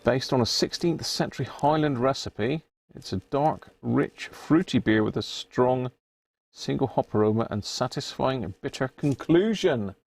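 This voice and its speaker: Gravelly, husky British man chatting. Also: medium pitch, animated, unhurried, a little mellow. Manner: chatty and jokey, reading labels aloud. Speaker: radio repair live-stream host. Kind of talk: casual live-stream chat.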